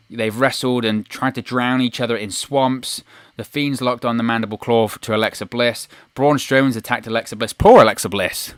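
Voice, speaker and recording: A man giving an opinionated, animated solo review of a wrestling show on his video channel, acting out quotes in a raised voice. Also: medium pitch, clean tone, no room sound. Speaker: wrestling news YouTuber.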